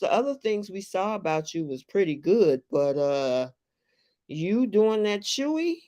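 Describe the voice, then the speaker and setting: Slow, chatty live-stream host. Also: medium pitch. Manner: unhurried, chatty, reads viewer comments aloud. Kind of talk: casual live chat about a reality show.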